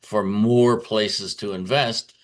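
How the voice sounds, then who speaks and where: A man's voice: lowish voice, steady tone, takes it slowly. Chatty man telling a market story. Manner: chatty storytelling with frequent fillers and restarts. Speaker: market commentator. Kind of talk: conference talk.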